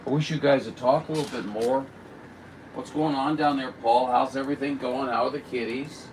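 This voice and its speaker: A man's voice: mid-range voice, fairly even intonation, moderate pace, a little mellow, far from the mic, a little hiss or hum. A man hosting a CB radio livestream, rambling and grumbling in folksy casual chat.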